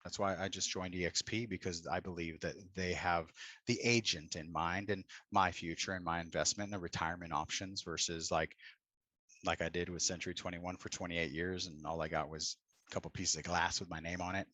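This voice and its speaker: A man's voice: sits low, little pitch movement, a little fast, pushed and bright, no echo. A middle-aged man coaching real estate agents live over a video call, blunt and profane with pep-talk energy.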